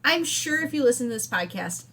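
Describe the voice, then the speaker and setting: A woman's voice: sits high, animated, fairly quick, fairly bright tone, slightly rough. Chatty woman with a Wisconsin accent. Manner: chatty, laughing storyteller. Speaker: podcast co-host. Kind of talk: casual chat.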